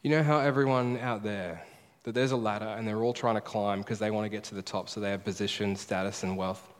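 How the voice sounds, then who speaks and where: A male pastor preaching a sermon, emphatic and repeating his key phrases slowly. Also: fairly low pitch, steady tone. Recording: preaching in a large reverberant hall.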